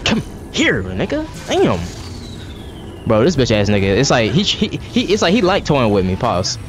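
A man's voice: mid-range voice, huge pitch swings, normal speed, soft background music. A man giving profane, exasperated running commentary while playing a video game. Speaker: gaming streamer. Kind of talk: live gameplay commentary.

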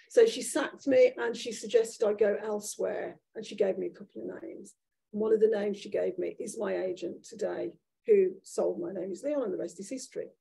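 A woman speaking to an audience at a live event, telling a story from her life in a candid, self-deprecating way. Her voice is mellow and dark, with a gravelly, husky edge. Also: mid-range voice, low-quality recording. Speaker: author guest at a live talk. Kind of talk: anecdotal storytelling in a live conversation.

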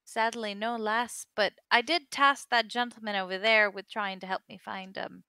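A woman voicing a gruff, bossy male dwarf barkeeper who calls everyone lad and lass. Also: medium pitch, fairly even intonation, moderate pace, sharp tone, no room sound. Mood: matter-of-fact.

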